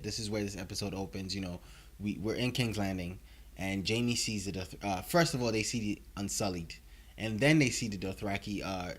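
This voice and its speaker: A man casually recapping and reviewing a TV episode, rambling along with many filler words. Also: on the low side. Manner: rambling, heavy on "you know" fillers.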